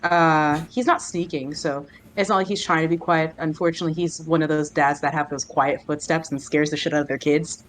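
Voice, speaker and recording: A woman's voice: low-pitched, fairly even intonation, fairly quick, hardly any pauses, a little hiss or hum. A woman casually describing her character's actions in a tabletop game, hedging with "kind of" as she talks. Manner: casual and hesitant, full of "kind of". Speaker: player.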